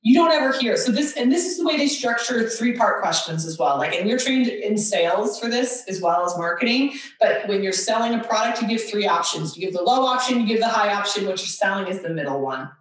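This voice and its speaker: A woman's voice: medium pitch, animated, brisk, few pauses. A woman host chatting casually and reading quiz questions aloud with sarcastic asides. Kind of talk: casual chat. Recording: echoey room, somewhat far from mic.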